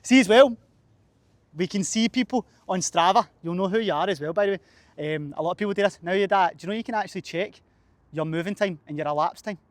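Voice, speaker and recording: A man's voice: high-pitched, quick pace, dry recording. A young man, a fitness coach, chatting casually and swearing a lot outdoors at a cold running track, out of breath after a session. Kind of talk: casual vlog chat.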